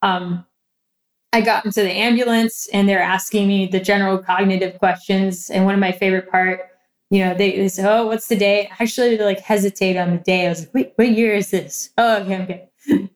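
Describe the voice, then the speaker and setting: Woman, young adult, interview guest, candid, animated storytelling, middle pitch. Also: a little fast. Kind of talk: casual interview, personal story.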